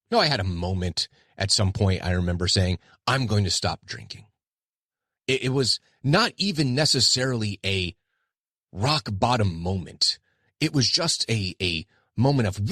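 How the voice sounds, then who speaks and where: A man's voice: mid-range voice, fairly bright tone, dry recording, clean studio sound. A middle-aged man hosting his own podcast, talking candidly and self-deprecatingly in a rambling casual monologue. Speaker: podcast host.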